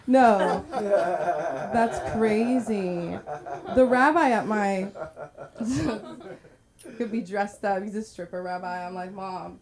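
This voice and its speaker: A woman's voice: mid-range voice, darkish tone, slight background noise. A woman doing a chatty, rambling stand-up set at a comedy club open mic, giggling through her bits. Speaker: stand-up comic.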